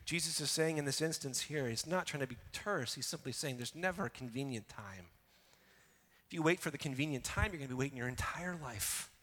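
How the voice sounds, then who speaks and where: A middle-aged man preaching a sermon as a pastor, animated, acting out excuses with quick repeated words. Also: mid-range voice, long reverb tail.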